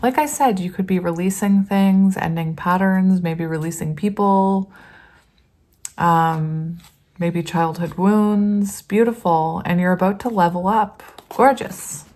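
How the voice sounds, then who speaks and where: A woman's voice: lowish voice, unhurried, a little mellow. A woman giving a casual tarot reading to her viewers, chatty and rambling, often laughing and reading card meanings aloud. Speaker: tarot reader.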